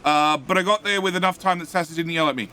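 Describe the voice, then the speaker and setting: A man's voice: a little high, fast, bright, forceful tone. A middle-aged man from Australia with a light Australian accent, chatting casually and self-mockingly on a game live stream, answering chat with many fillers and restarts. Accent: Australian, though light. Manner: rambling, self-mocking, reads chat aloud.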